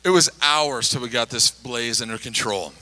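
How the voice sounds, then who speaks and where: A man's voice: mid-range voice, normal speed, low-quality recording. A middle-aged male pastor telling a story in a sermon, acting out the voices of the people in it. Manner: animated, acts out quoted voices.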